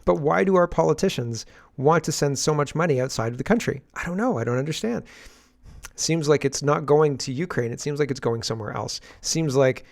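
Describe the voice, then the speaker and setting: A man's voice: a little high, brisk, creaky. A man hosting casual political commentary, ranting in an exasperated way and addressing the viewer directly.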